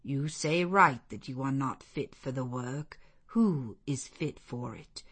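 A woman reading the part of a stern, zealous male missionary clergyman in a deep, relentless, commanding manner. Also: lively intonation, slow, a bit bright, breathy edge, exaggerated voice. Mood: solemn. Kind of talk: audiobook character voice.

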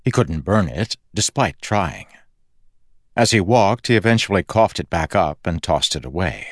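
Man, audiobook narrator, scripted narration, very deep voice, slow measured delivery, dry close recording. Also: lively intonation, no room sound.

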